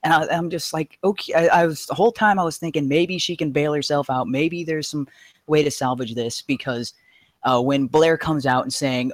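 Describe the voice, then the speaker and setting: A man calling in to a live show, talking fast and emphatically with frustration and profanity. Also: fairly high pitch, dry recording, studio quality. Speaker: caller. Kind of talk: heated call-in rant.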